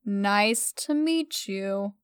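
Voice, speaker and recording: A soft-spoken, eerily polite young man in a storybook reading, as a woman narrator puts him on. His voice comes across smooth and close, with no room around it. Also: medium pitch, animated, extremely slow, no room sound.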